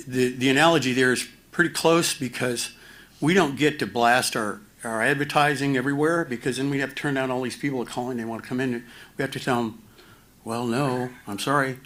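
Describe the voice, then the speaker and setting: A man presenting finance slides at a community town hall, halting with many fillers and restarts and a dry, self-mocking humor. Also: mid-range voice, fairly bright tone.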